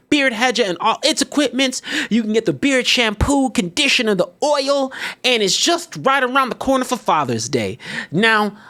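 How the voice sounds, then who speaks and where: A man hosting a podcast, doing a casual, playful ad read and chatting with his co-host. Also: high voice. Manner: animated, playful, jokey.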